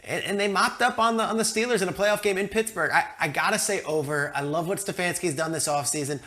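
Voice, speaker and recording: Guy on a sports panel making his pick, kinda high voice, emphatic. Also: fast, bright, forceful tone. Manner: emphatic, confident. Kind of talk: sports debate.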